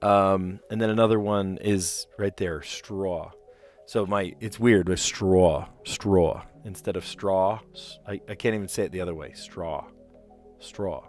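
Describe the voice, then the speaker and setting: A man's voice: deep voice, fairly even intonation, moderate pace, faint music behind. A man with a light New Jersey accent hosting a live stream of word puzzles, chatting casually and rambling with frequent laughs. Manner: chatty and rambling, laughs often, reads chat aloud.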